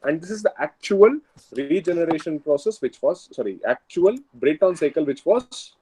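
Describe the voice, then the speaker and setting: Male Indian lecturer, online class, lively pitch, mellow husky tone, checks understanding often. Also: normal speed, low-quality recording. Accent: Indian, Kannada. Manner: explains step by step with checking questions. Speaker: engineering lecturer.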